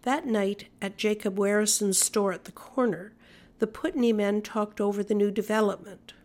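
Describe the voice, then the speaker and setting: A female audiobook narrator reads an old-fashioned story aloud from a script. Her voice sits at a medium pitch, and she keeps a measured, even storytelling manner throughout.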